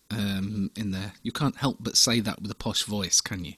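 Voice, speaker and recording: A man's voice: on the low side, fairly even intonation, normal speed, a bit bright, slightly rough, no room sound. A man co-hosting a casual podcast chat, laughing easily and stumbling over restarts. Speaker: podcast co-host.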